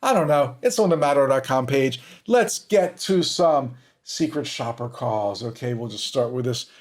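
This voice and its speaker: A man's voice: mid-range voice, expressive, normal speed. A man hosting a podcast, commenting on recorded calls with sarcastic, exasperated asides. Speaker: podcast host.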